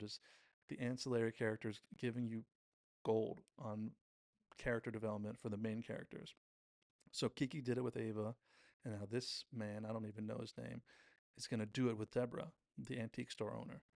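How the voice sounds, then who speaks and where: A man hosting a show, casually recapping a TV episode scene by scene and quoting the characters in quick impressions. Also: medium pitch, creaky, a little mellow, no room sound. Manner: retells scenes with quick quoted impressions, self-correcting. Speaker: podcast host reviewing a TV episode.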